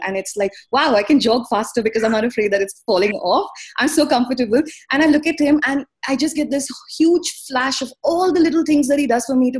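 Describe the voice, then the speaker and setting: A woman giving an earnest, animated motivational talk as a guest speaker on a call. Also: on the high side, husky.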